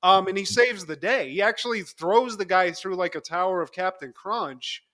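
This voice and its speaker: High-pitched guy, bright tone, animated podcast recap, laughing a lot. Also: moderate pace. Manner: animated storytelling, acts out quotes, laughs often. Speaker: podcast co-host. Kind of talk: casual chat recapping a TV episode.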